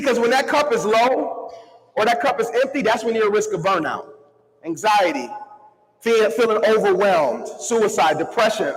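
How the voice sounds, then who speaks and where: A man giving an energetic motivational keynote to a live crowd, calling on the audience to answer and move along with him. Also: high voice. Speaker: motivational speaker. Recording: long hall reverb.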